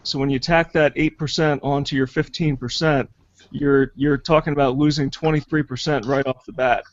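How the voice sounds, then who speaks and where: A man speaks as a panelist in a casual online hangout, walking through costs in a steady, practical manner. His voice comes over a dry, dull call line. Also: mid-range voice, moderate pace, no echo. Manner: practical, advising, steady explaining. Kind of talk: casual live hangout chat. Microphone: video call.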